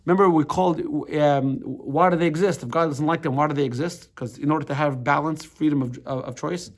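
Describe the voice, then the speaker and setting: A middle-aged American rabbi speaks in a slightly high voice with fairly even intonation, going a little fast as he teaches a casual class. His talk is loose and conversational, with restarts, repeated words, and frequent "right?" check-ins.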